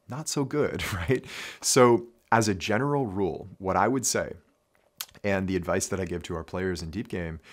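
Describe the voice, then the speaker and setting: Deep-voiced man coaching earnestly. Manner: earnest and reflective, repeats key phrases for emphasis. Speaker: basketball coach. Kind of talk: instructional talk to camera.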